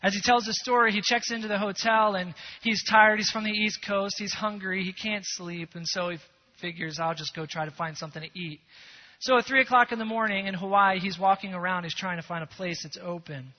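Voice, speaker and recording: High-voiced animated male preacher. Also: brisk. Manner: animated storytelling, swings loud to hushed. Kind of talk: sermon storytelling. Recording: long hall echo, dull sound.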